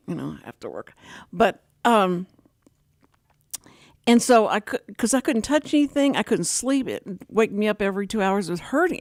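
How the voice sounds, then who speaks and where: Lively, rambling woman radio host. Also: mid-range voice, dry recording, clean studio sound. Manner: animated, rambling storyteller. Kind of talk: casual talk radio chat.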